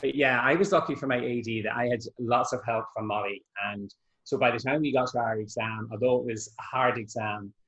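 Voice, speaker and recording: A man's voice: mid-range voice, steady tone, a little fast, fairly bright tone. Man telling stories over a dull call. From Scotland. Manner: chatty anecdotal storytelling. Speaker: Irish dance teacher and adjudicator. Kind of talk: casual interview chat.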